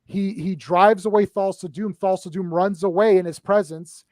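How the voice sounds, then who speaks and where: High-voiced man eagerly breaking down a film. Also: no room sound. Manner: animated, excited retelling of scenes; talks in quick bursts with frequent restarts and "right?" tags. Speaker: movie discussion panelist. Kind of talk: casual live-stream film chat.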